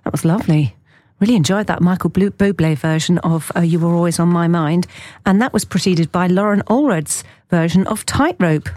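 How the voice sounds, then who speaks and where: A woman presenting a radio show, chatting casually in a rambling, self-correcting way, her voice slightly hoarse. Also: lowish voice, fairly quick, darkish tone, no room sound. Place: radio studio.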